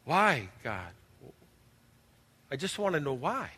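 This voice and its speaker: A man's voice: fairly high pitch, very animated, takes it slowly, pushed and bright, slightly rough, exaggerated voice. A man acting as an anxious, overwhelmed churchgoer who pleads with God, exasperated and stammering as he talks. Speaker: actor in skit. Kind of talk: church drama monologue. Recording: reverberant hall.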